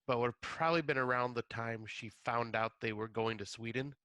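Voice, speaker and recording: Bright-toned man, dry close recording. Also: mid-range voice, steady tone, fairly quick, clear, resonant tone, no echo. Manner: agreeable, hedging, acts out dialogue in a raised voice. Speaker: podcast co-host. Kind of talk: casual chat.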